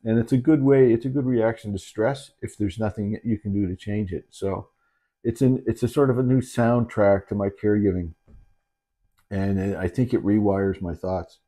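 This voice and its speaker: A middle-aged man, a dementia caregiver, talking candidly and haltingly in a reflective personal video, with many restarts. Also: fairly low pitch, steady tone, mellow. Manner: earnest and candid. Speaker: dementia caregiver and channel host. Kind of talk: reflective personal talk to camera.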